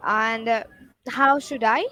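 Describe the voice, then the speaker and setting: A woman appearing as a guest on a live online show, explaining English pronunciation in a lively, emphatic way over a video call. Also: on the high side, slow pace, no room sound, rough recording.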